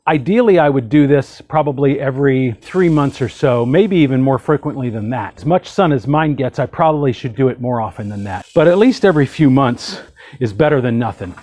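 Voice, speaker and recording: A man's voice: medium pitch, a little mellow. A man hosting a casual how-to tutorial, chatty and folksy, with joking asides. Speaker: hot tub channel host.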